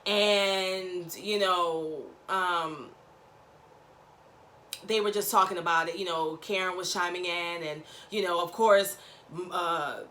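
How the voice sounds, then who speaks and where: A woman recapping a reality show in a gossipy, slangy, animated chat, acting out quotes. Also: fairly low pitch, slow pace, slight background noise.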